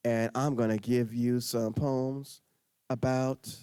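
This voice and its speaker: A man in his thirties performing spoken-word poetry, telling stories in an animated, self-interrupting way and often laughing. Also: mid-range voice, slow, clear, resonant tone, no room sound, clean studio sound. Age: 30s. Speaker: poet performing at a school writers' week.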